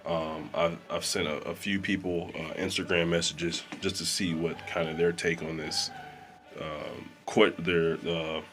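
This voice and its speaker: A low-pitched man talks straight to camera in a loose, rambling vlog manner, padding his sentences with fillers. He is in a small room with dampened sound. Soft music sits faintly behind him. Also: level tone, unhurried. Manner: rambling, filler-heavy, conversational. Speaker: vlogger and musician. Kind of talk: casual talk to camera.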